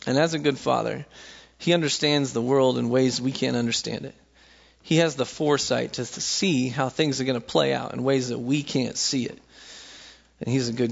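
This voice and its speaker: A young man giving a conversational, sermon-style talk about faith, telling stories and acting out quotes in a lively way. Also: mid-range voice, normal speed, creaky, muffled recording. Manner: conversational storytelling, acts out quotes with voices. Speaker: speaker sharing faith reflections.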